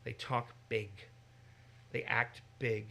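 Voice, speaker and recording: An American man with a bright, forceful voice teaches in an easygoing discussion. He is animated and lively, and now and then he slips into exaggerated voices to make a point. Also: medium pitch, slow pace, creaky. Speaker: Bible teacher.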